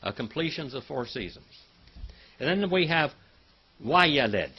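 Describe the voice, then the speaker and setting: This Bible Hebrew teacher keeps his class folksy and chatty, naming students and drilling them on word meanings during the lecture. His mid-range voice swings widely in pitch, moves a little slowly, and carries husky vocal fry on a lo-fi recording.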